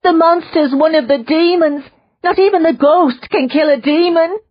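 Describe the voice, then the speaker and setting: A woman's voice: extremely high pitch, normal speed, muffled recording, pitched above the performer's own voice. A woman reading an audiobook voices a terrified, half-mad young woman prisoner who wails and clings to her fixed idea. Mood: frantic. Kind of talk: audiobook character voice.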